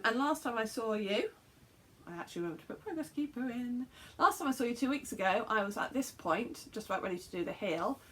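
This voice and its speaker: A chatty middle-aged woman from England talks casually to camera about her knitting. She rambles through little asides and fillers and pokes fun at herself, with a medium-pitched voice. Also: fairly bright tone. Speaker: knitting podcaster.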